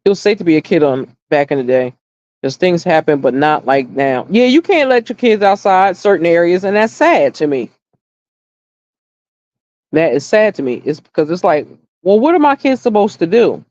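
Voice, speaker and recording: A woman's voice: lowish voice, lively intonation, brisk, darkish tone, no echo, muffled recording. A middle-aged woman hosting a casual livestream chat, blunt and opinionated, swearing freely and repeating her points for emphasis as she tells stories. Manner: storytelling, emphatic repetition. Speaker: livestream host.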